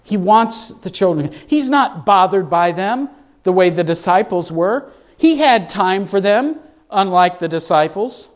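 High-voiced man preaching a sermon. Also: unhurried. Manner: asks the congregation questions, animated. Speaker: pastor.

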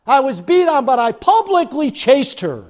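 An older man from Chicago, a pastor telling a self-mocking personal story in an animated storytelling sermon. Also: extremely high pitch, moderate pace. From Chicago, USA.

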